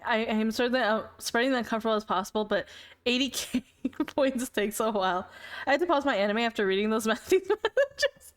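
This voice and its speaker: A woman's voice: on the high side, lively intonation, a little fast. A young woman livestreamer chatting casually with her viewers, giggling often and repeating words as she talks. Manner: giggly, laughs often between sentences. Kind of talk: casual chat with stream viewers.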